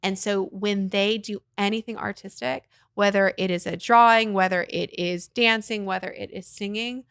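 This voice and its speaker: Expressive woman voice teacher in interview. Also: medium pitch, moderate pace, few pauses, clean tone, no room sound, clean studio sound. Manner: animated and expressive, often laughing. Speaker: guest, voice teacher and arts nonprofit founder. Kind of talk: casual interview conversation.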